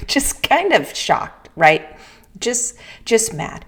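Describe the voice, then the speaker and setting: Middle-aged woman vlogging, slow easy pace, chatty and open, lots of restarts. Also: on the high side, big pitch swings, breathy edge. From US Pacific Northwest. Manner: chatty and candid, frequent restarts and "right?" asides. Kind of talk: casual personal talk.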